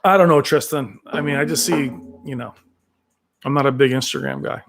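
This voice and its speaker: A man hosting a casual live stream from home, reading viewer comments aloud and talking in a rambling, excitable way. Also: mid-range voice, moderate pace, creaky, a little hiss or hum. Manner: rambling, excitable, with frequent fillers. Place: at home with his cat.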